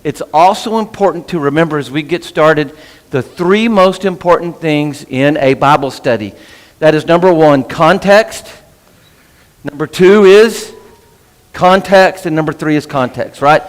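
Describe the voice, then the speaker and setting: A man's voice: a little high, moderate pace, long reverb tail. A man teaching a casual Bible class in church, chatty, breaking off his own sentences and asking "right?" often. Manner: chatty, self-interrupting, asks "right?" often. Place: church meeting room.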